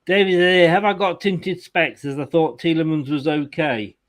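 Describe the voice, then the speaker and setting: A man's voice: a little high, steady tone, moderate pace. A man hosting a fan channel's post-match chat, reading viewer comments aloud with exasperation and the odd swear.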